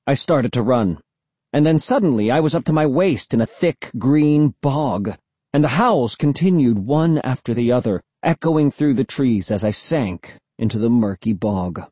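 A man reading an audiobook in expressive first-person narration. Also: mid-range voice, normal speed, dry recording. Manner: expressive storytelling.

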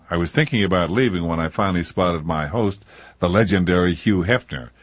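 An older man narrating a comic memoir in a deadpan manner, recorded in a studio. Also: deep voice, breathy edge, no room sound.

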